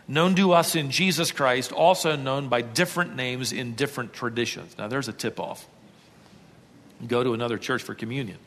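A fairly high-voiced male pastor preaching with a bright, forceful tone. He drives each point home with strong emphasis. His voice rings out with a long reverb, as in a large church sanctuary. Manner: emphatic, rising to forceful peaks. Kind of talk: sermon.

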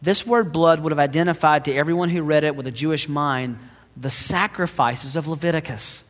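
A man preaching in a church, his fairly high voice ringing out with a long hall reverb behind it. He is dramatic, rising into loud emphasis and then dropping to hushed asides. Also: a little fast. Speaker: pastor. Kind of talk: sermon.

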